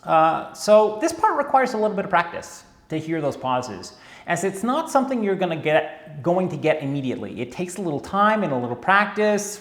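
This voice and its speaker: A tango teacher gives a dance lesson in an instructional video, chatty and wry, often checking in with his viewers. His high-pitched voice is very animated and a bit bright, at a moderate pace, in an echoey room.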